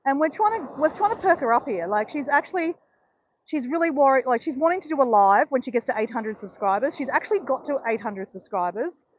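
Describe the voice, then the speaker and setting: Outdoors in southeast Queensland, an Australian woman hosts a casual livestream, rambling encouragingly to viewers with plenty of fillers. Her voice is high, animated and fairly quick, though the recording is muffled with slight background noise.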